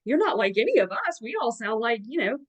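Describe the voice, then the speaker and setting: Brief: Southern woman therapist, somewhat high voice, reassuring and emphatic, heard over a video call. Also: very animated, fast talker, slightly rough, highs cut off. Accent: Southern US (Alabama). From Alabama, USA. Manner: warm encouraging, emphatic repetitions. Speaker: therapist hosting a group session. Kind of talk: supportive group advice on a video call.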